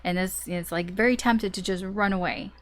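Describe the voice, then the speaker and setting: A woman doing a casual tarot reading, chatty and animated, who laughs often and swears casually. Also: medium pitch, moderate pace. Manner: animated storytelling. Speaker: tarot reader.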